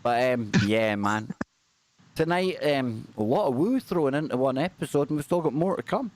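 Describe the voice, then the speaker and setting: A man's voice: medium pitch, expressive, normal speed. A Scottish man co-hosting a paranormal livestream, chatting casually and upbeat, often repeating phrases for emphasis. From Scotland.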